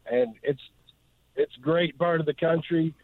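A man from northeast Georgia, calling in to a radio show and speaking earnestly, with many pauses and fillers. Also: fairly high pitch, no room sound. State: emotional. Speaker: caller. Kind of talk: call-in radio chat. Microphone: phone. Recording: tinny phone line, dry.

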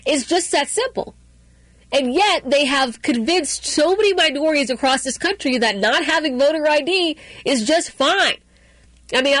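A woman's voice: fairly high pitch, dry recording. A woman hosting a political talk radio show, opinionated and sarcastic, with frequent fillers and restarts.

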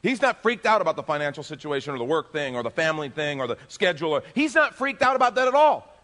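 Animated pastor preaching in a reverberant hall. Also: male voice, fairly high pitch, fast talker. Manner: animated, acts out everyday voices. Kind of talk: sermon.

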